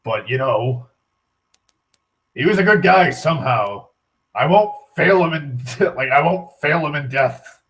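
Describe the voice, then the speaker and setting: A man playing a grim, brooding male superhero and giving a profane, self-pitying speech in a rough voice close to his own. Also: a little high, lively intonation, unhurried, fairly bright tone, recorded from a distance.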